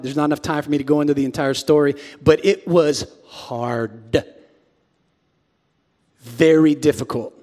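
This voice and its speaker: A man in his forties preaching a sermon as a pastor, swinging between hushed asides and sudden shouts. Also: on the high side. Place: large church sanctuary. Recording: long reverb of a big hall.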